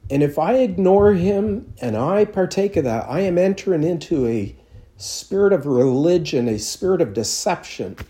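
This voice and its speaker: Guy preaching a sermon, mellow warm voice, chatty storytelling, pokes fun at himself. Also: a little high, animated, normal speed. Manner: conversational storytelling with self-deprecating humor. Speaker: pastor.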